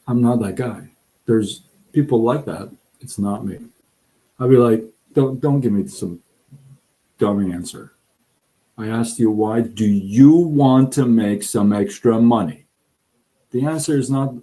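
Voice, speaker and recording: Blunt, emphatic man with a warm voice. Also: on the low side, unhurried, pauses often. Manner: blunt and emphatic, acts out quotes, stammers on words. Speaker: host of a live side-income show. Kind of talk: direct motivational talk to viewers.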